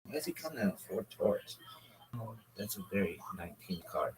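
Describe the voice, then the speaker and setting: Casting: low-voiced man improvising a comedy bit on a livestream, loose and rambling. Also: animated, brisk, a little mellow, low-quality recording. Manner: rambling, riffing, full of fillers.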